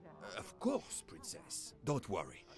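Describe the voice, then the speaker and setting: A man's voice: on the low side, wildly swooping pitch, takes it slowly, music in the background, full character voice. An actor voicing a formal, polite male railway line director in a mystery game. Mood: courteous. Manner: formal, polite, eager to serve.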